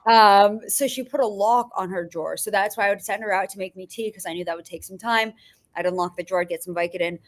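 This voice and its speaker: A woman's voice: medium pitch, fast talker. A woman filmmaker guest on a podcast, telling profane, rambling anecdotes and often laughing. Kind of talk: casual storytelling.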